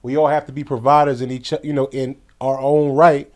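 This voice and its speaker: A man's voice: mid-range voice, little pitch movement, brisk. A man in a casual podcast conversation, speaking reflectively with a few hesitations as he makes his points. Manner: reflective, hesitant, frequent "you know" and "um".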